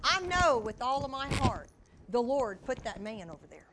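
A woman preaching a sermon, telling a personal story with animated storytelling and acting out shouts and quotes. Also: fairly high pitch, normal speed, background noise.

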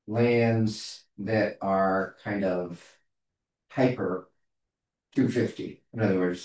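A man in a casual meeting discussion, talking haltingly as he searches for words. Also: on the low side, a little mellow. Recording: echoey room, far from mic.

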